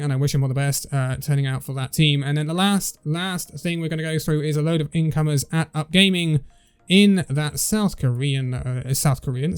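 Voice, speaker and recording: Chatty man with a higher voice. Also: smooth. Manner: stumbles over player names, chatty asides. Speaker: esports news host. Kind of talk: casual news roundup.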